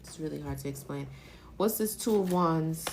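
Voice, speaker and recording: A woman with a low, gravelly voice reads tarot cards on a live stream, speaking straight into her phone. She talks in an emotional, rambling way and swears casually as she works through the spread. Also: moderate pace, noisy background. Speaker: tarot reader.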